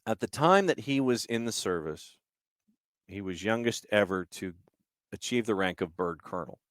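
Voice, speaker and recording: A man hosting a podcast, telling a story in an unhurried, conversational way with a few restarts. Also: lowish voice, lively intonation, no echo, studio quality. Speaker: podcast host.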